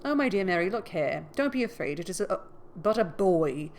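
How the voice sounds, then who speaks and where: A woman voicing a pompous, self-righteous older gentleman who blusters indignantly while reading a story aloud. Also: fairly low pitch, very animated, moderate pace, a little hiss or hum.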